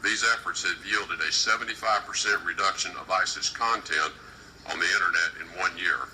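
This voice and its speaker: Low, forceful man giving a formal speech. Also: steady tone, a little hiss or hum, low-quality recording. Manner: measured, deliberate, emphatic delivery. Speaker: government official addressing a conference.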